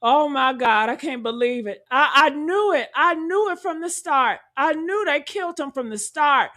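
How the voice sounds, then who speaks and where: A woman giving heated, profane reaction commentary, talking loudly and indignantly and calling out to her viewers. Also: high-pitched, expressive, normal speed. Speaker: commentary streamer.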